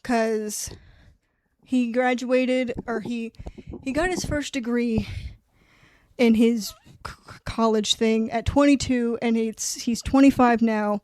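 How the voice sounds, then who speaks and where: A young woman chatting casually about a book, rambling, animated and swearing freely. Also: fairly high pitch, slow, pauses often. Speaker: book reviewer. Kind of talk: casual chat.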